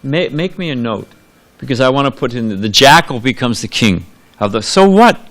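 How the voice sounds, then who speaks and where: A man's voice: medium pitch, lively intonation, brisk, fairly bright tone. Conversational, rambling male preacher. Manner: conversational, rambling with asides and restarts. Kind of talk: sermon. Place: temple hall.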